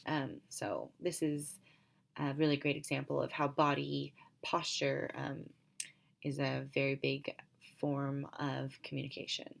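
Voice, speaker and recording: Young woman doing a class presentation, low voice, kinda gravelly, lots of ums. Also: steady tone, measured pace. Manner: hesitant, many filler ums.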